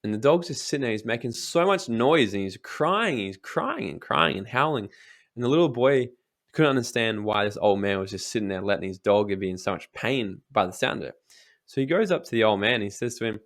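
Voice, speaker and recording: Appearing as a guest in an interview, a young man gives emphatic motivational advice, swearing casually and acting out the voices of people he quotes. His mid-range voice is expressive and fairly quick.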